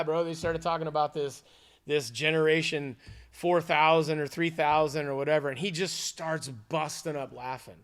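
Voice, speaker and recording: A man co-hosting a podcast, telling a long story in a casual, animated way with plenty of swearing. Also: a little high, clear, resonant tone. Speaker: podcast co-host.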